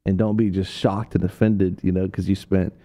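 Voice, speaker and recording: A man hosting a Christian radio talk, telling stories in a rambling way with many fillers and restarts, and acting out quoted people in a sudden high voice. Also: flat delivery, moderate pace, mellow. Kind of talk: preaching talk on a radio show.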